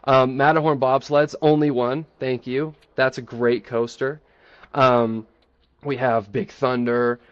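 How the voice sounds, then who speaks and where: A man giving an enthusiastic, playfully boastful pitch in a casual group chat, then taking questions. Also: no echo, highs cut off. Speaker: presenter defending a theme park in a group chat.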